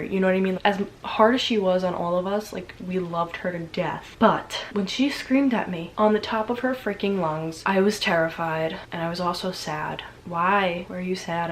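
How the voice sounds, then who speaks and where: A young woman vlogger telling a story in a casual, animated way, with lots of swearing and chatty fillers. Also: lowish voice, a little hiss or hum, poor audio.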